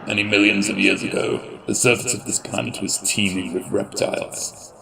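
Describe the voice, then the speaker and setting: A man voicing a confident middle-aged supreme leader giving a slow, rallying speech. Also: fairly low pitch, fairly even intonation, gravelly, sharp tone, a little hiss or hum, exaggerated voice, low-quality recording.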